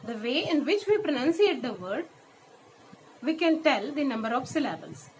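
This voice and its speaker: A woman with a fairly high voice and an Indian English accent teaches a classroom lesson, mixing English and Hindi. She explains step by step and says each example word slowly, more than once. A faint hiss sits under the recording. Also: big pitch swings, a little mellow, low-quality recording. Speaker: school teacher. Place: school.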